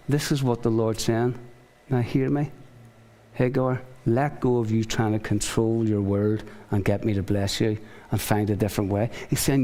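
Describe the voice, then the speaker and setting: A man preaching a sermon as pastor, animated, acting out the voices of biblical figures as he teaches. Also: lowish voice, normal speed. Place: large church hall. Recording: long hall reverb.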